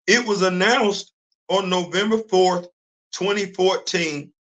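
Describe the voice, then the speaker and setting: A man hosting his own comic book morning show, his voice sitting high and bright. He speaks casually and emphatically, even though his voice is worn out. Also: slow. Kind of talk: casual talk-show commentary.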